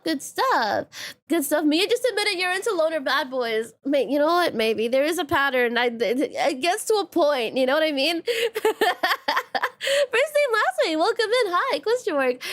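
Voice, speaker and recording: Brief: young woman streamer, high and animated, quick laughs, chatty with chat. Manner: excitable, laughing, rambling, greeting chat. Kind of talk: live game stream chat.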